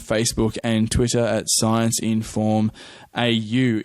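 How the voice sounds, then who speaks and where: A man's voice: mid-range voice, no echo. A man hosting a podcast in casual chat, telling stories and laughing easily. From Australia. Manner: chatty, laughs easily, storytelling. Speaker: podcast host.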